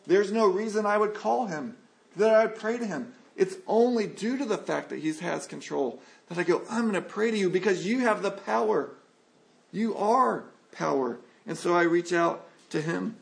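A man's voice: sits high, vocal fry. A man pastor preaching a sermon to his congregation in an earnest, plain-spoken way, posing rhetorical questions.

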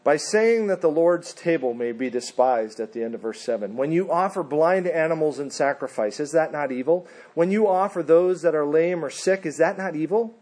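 A man's voice: on the high side, a little mellow. A man preaching a sermon in an earnest way, sometimes mimicking whiny voices of the people he quotes. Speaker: pastor.

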